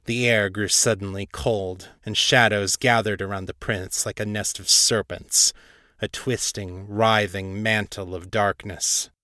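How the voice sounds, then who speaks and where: A man hosting a podcast, narrating a fantasy story in an even, measured way. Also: on the low side, dry recording, clean studio sound. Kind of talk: reading a fantasy story aloud.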